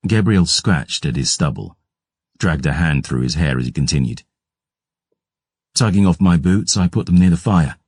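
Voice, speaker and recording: A man giving gruff, measured first-person audiobook narration. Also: a bass voice, animated, darkish tone, no echo, studio quality.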